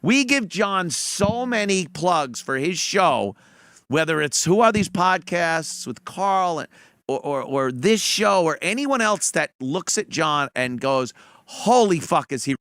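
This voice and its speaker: Male host, high lively gravelly voice, bright tone, sneering commentary, dry sound. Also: slow, no room sound. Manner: mocking, profane, mimics voices. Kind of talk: reaction commentary on clips.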